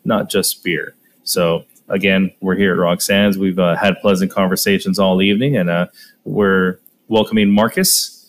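A man's voice: sits low, fairly even intonation, moderate pace, a little hiss or hum, poor audio. A man hosting a casual podcast, talking in a jokey, upbeat way. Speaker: podcast host. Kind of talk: casual podcast chat and promo. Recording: guitar music behind voice.

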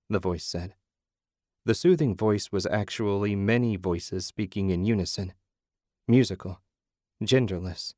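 Brief: male audiobook narrator, lowish voice, measured and dramatic, dry studio sound. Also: dark tone, no room sound.

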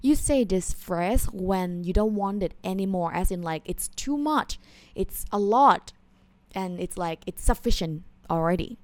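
A woman's voice: medium pitch, lively intonation, normal speed, no room sound. A woman teaching a language lesson online, explaining patiently and sprinkling in polite particles.

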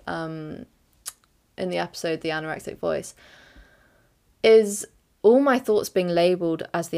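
Young woman with a gravelly, low voice. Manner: candid, rambling, full of fillers and self-corrections. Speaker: podcast host. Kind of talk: reflective solo podcast monologue.

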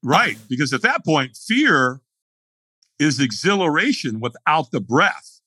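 A man's voice: fairly high pitch, sing-song, measured pace, pushed and bright, husky, no echo. A man telling a dramatic story as a podcast guest, acting out the scene in voices. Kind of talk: animated storytelling.

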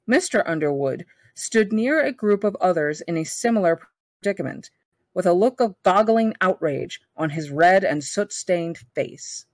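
A woman reading a novel aloud for a book club, steady and now and then correcting herself. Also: lowish voice, normal speed, no room sound.

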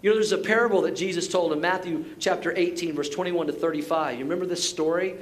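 A middle-aged man preaching a sermon as pastor, telling stories in a relaxed conversational way, often repeating words and adding asides. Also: high voice, fast talker.

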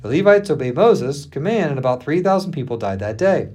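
Husky-voiced male pastor reading aloud. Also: fairly high pitch, a little fast. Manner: expressive reading, acting out the quotes with laughs between. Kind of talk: reading scripture aloud with asides.

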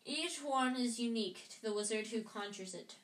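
A woman's voice: on the high side, moderate pace, a bit bright, close to an everyday voice. A woman voicing a kindly male wizard teacher, explaining patiently in a home reading. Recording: roomy echo.

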